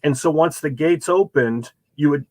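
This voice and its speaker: A man as a guest on a show, telling rambling, animated stories full of ums and uhs. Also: fairly high pitch, moderate pace, no echo. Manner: rambling, many fillers, animated storytelling. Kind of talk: casual chat, anecdotes.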